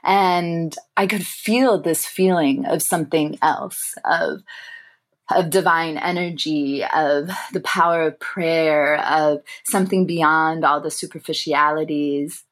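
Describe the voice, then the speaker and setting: Young adult woman, interview guest; slightly low pitch, thoughtful and warm, halting storytelling. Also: fairly even intonation. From grew up in England, family from Sri Lanka. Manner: thoughtful, warm, laughs softly, frequent fillers. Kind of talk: reflective personal storytelling.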